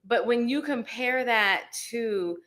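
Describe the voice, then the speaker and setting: A woman's voice: a little high, slow, fairly bright tone. A woman co-hosting a live stream, chatty and playful as she reads viewer comments aloud. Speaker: co-host reading chat. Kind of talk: casual live-stream chat.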